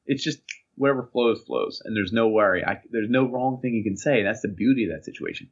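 A man's voice: on the low side, a little fast. A young man co-hosting a podcast in casual chat, acting out stories with quoted voices. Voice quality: husky, animated storyteller who acts out quotes in voices. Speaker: podcast co-host. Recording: dull lo-fi sound.

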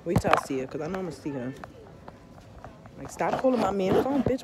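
A woman ranting loudly and profanely in a casual vlog, telling an animated story. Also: medium pitch, brisk, long pauses. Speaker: tarot vlogger. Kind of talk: casual rant to camera.

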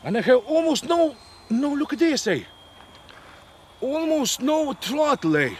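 A man's voice: very high-pitched, very animated, unhurried, a little hiss or hum. A man hosting a radio-control flying video outdoors, exclaiming, repeating himself and tagging lines with "eh?" as he flies a model jet. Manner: exclaims, repeats words, tags "eh?". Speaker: RC pilot and channel host. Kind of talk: excited outdoor flying commentary. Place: open field outdoors.

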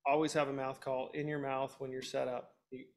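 A man's voice: medium pitch, little pitch movement, a little fast. A man in his thirties, a hunting guest expert, giving practical, direct advice in an instructional webinar.

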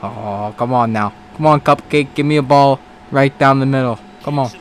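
Excitable man commentating his own game. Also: medium pitch, normal speed, a little hiss or hum. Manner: excitable, swears, talks to the game. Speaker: gaming commentator. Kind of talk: casual let's-play commentary.

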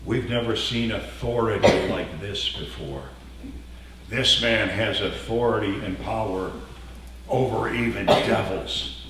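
A man preaching a sermon as pastor, folksy and animated, with passages that swell loud. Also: mid-range voice, slight background noise. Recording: echoey hall from far off.

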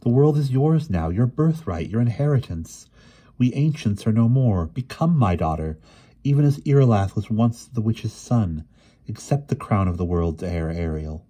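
A man reading aloud, voicing an ancient, gentle but firm sorceress spirit in a storybook. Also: lowish voice, expressive, normal speed, slightly rough, pitched above the performer's own voice. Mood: solemn.

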